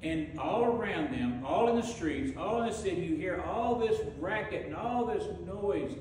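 A man's voice: sits high, lively intonation, normal speed, darkish tone. A man preaching a sermon, telling the story vividly and asking his congregation questions. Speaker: pastor. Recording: echoey hall from far off, faint noise.

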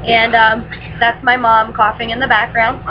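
A woman's voice: on the high side, little pitch movement, normal speed, slight background noise. A woman chatting casually in a home vlog, recorded on a laptop webcam at night and slipping into baby talk with her dog. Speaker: mother and vlogger. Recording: dull lo-fi webcam audio with music behind.

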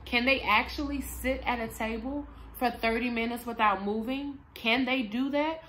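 A woman with a slightly high, steady voice speaks at a normal pace with a fairly bright tone, and there's a little background noise. She's a parenting coach and behavior analyst giving an instructional parenting vlog, explaining techniques emphatically and speaking straight to moms.

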